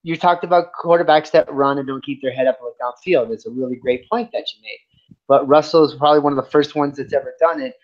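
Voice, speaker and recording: A man's voice: mid-range voice, fast. A man co-hosting a sports podcast, making long rambling points in casual debate and often restarting his sentences. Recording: dull lo-fi sound.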